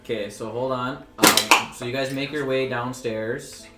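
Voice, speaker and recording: A man running a tabletop game session as game master, stopping now and then to fix his software. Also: medium pitch, steady tone, measured pace. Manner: stops to fix the software and asks players to wait. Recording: echoey room, faint music behind.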